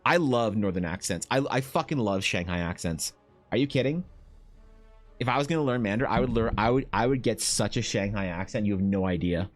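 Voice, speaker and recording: A man's voice: on the low side, lively intonation, brisk, faint music behind. Profane joking Canadian man streaming. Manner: profane, joking, reading chat aloud. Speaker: streamer and artist. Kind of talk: casual live-stream chat.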